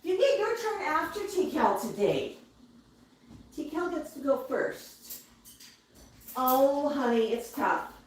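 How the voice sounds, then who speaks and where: Her voice sits high and is expressive, slow, and marked by long pauses as this livestream host coos softly to her parrots and reads viewer comments in between. The indoor room echoes, she sounds distant, and birds and faint noise fill the background.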